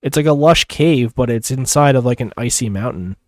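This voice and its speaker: A man talking loosely through a live gaming stream. His pitch sits at an ordinary middle level. He rambles and piles on fillers as he chats with viewers, chuckling easily between thoughts. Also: brisk, dry recording. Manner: chats with viewers while playing. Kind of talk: casual gameplay commentary.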